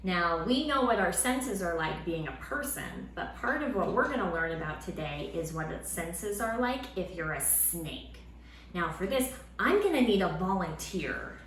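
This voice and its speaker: A woman teaching a Sunday school lesson to children at home, in a lively, encouraging way. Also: on the low side, normal speed, a little hiss or hum. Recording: roomy room sound with faint ambience.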